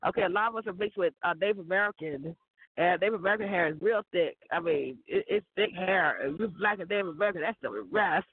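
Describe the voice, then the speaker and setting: A woman with a cold, sounding hoarse, chatting in a rambling casual monologue. She repeats words and chuckles often. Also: fairly low pitch, fast. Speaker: vlogger. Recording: tinny phone-like dry recording.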